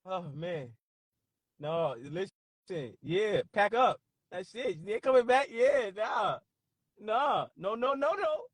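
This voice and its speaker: A man hosting a casual livestream, laughing often and reacting loudly and profanely to his chat. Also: sits high, animated, takes it slowly, dry recording. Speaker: livestream host.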